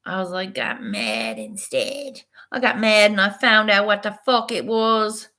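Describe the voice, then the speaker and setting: A woman's voice: mid-range voice, fairly even intonation, moderate pace, sharp tone. A woman vlogging in casual, rambling chat, swearing freely and laughing often.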